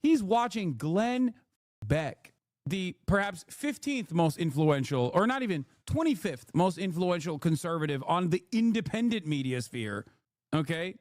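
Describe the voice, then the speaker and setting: A man reacts to clips on a stream, talking in an animated, mocking way and swearing a lot as he goes. His voice is fairly high and very dry. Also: measured pace, no room sound. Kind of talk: casual reaction commentary.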